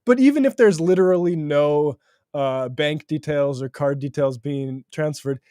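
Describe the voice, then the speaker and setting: Blunt, higher-voiced man co-hosting. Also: a little slow, mellow, no echo, clean studio sound. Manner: blunt and emphatic, swears, laughs mid-sentence. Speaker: podcast co-host. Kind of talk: casual political chat.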